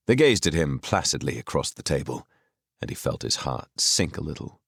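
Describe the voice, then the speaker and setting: A man narrating a fantasy audiobook with expressive storytelling on a close studio mic. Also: very deep voice, normal speed, vocal fry, slightly rough, no room sound. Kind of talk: scripted narration.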